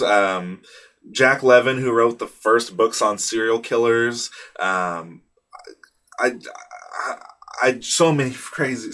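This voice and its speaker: A young man with a lowish voice chats on his own podcast, wandering through his thoughts with plenty of "um"s and restarts. He swears freely and pokes fun at himself. He speaks close to a small booth mic. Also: a bit bright. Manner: rambling, profane, self-deprecating, many fillers and restarts. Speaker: podcast host. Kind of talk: casual solo podcast chat. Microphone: studio microphone in a small booth.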